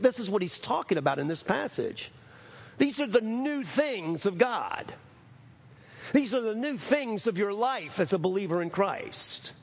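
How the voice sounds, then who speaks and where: A middle-aged man preaching a sermon as pastor, swinging between raised, emphatic lines and low, drawn-out phrases. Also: breathy edge.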